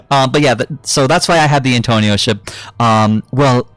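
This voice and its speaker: A man's voice: mid-range voice, a little slow, long pauses, a bit bright. A young adult man giving a casual, rambling gaming commentary, swearing freely and filling his talk with ums and uhs. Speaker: gaming YouTuber.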